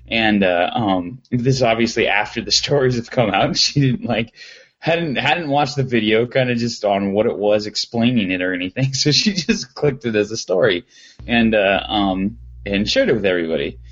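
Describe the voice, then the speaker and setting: A man's voice: fairly low pitch, expressive, moderate pace, fairly bright tone, highs cut off. A man chatting casually as a podcast co-host, rambling through a story with lots of fillers and restarts. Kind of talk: casual chat.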